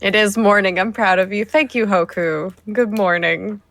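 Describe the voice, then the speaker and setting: A woman's voice: mid-range voice, normal speed, noisy background. A woman player in a tabletop game, joking around in casual chat while short on sleep. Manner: playful, jokey banter.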